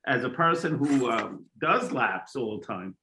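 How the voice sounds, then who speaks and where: A man's voice: medium pitch, expressive, unhurried, bright, forceful tone, slight background noise, low-quality recording. A man co-hosting a casual talk, speaking hesitantly with frequent restarts. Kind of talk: casual chat.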